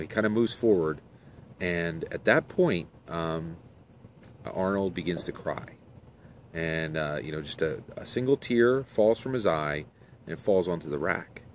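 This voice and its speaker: A deep-voiced man tells an improvised story outdoors, pausing often and filling gaps with ums and uhs. His pitch sits very low. Faint traffic hums behind him. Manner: halting, heavy on fillers.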